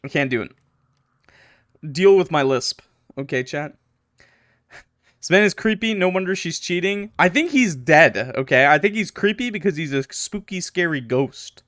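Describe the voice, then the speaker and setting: A man streaming a horror visual novel, reading it aloud dramatically and cracking loud, jokey reactions. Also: fairly high pitch, expressive, moderate pace, no echo, studio quality. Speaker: gaming streamer. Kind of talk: playthrough commentary.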